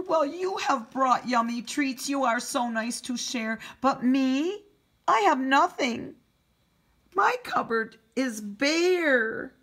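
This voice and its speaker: A woman's voice: sits high, lively intonation, slow, fairly bright tone, voice pushed up, exaggerated voice. A woman voicing a sad male bear in a storybook, speaking in a moaning, heavy way. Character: sad gloomy male bear sighing about his bare cupboard.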